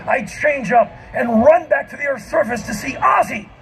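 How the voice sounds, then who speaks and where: A man performing live comic storytelling on an outdoor festival stage, animated and self-mocking, often shouting. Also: very high voice, normal speed, slight background noise. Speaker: spoken-word performer.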